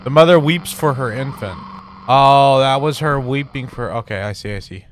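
A man's voice: medium pitch, normal speed, a little hiss or hum. A young man giving casual, profane commentary while playing horror games, nervous and jumpy, talking back to the characters. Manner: jumpy, swearing, nervous laughter, talks to game characters. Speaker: gaming YouTuber. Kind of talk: horror game let's play commentary.

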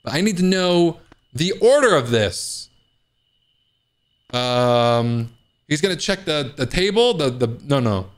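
A man's voice: fairly high pitch, lively intonation, slow pace, pauses often. A man playing a horror game, joking and reacting with panicky outbursts in casual commentary. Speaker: gaming video host. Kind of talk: casual let's play commentary.

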